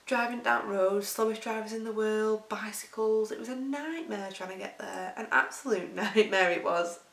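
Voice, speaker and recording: A woman's voice: mid-range voice, normal speed, creaky, fairly bright tone. A woman with a Lancashire accent, vlogging in a rambling, chatty way and laughing through her stories. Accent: Lancashire English. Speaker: weight-loss vlogger. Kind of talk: rambling casual storytelling. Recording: roomy sound, distant from mic.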